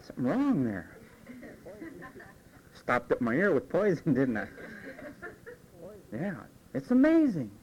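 Male pastor, fairly high voice, very lively pitch, conversational sermon acting out voices. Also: slow, pauses often, lo-fi sound. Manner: animated, acts out quoted voices.

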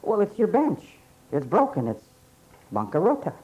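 Animated high-voiced male preacher. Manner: emphatic preaching with repeated phrases and drawn-out pauses. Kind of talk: sermon. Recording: dull lo-fi sermon recording.

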